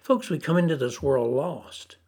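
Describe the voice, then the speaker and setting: A man preaching a sermon, slow and deliberate, repeating phrases for emphasis. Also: on the high side, a little mellow, slightly rough.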